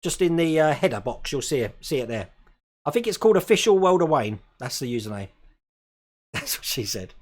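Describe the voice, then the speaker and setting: Chatty English man, higher voice. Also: very animated, a little fast. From England. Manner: chatty, laughs often, self-deprecating. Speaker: host. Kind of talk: live stream chat reading comments.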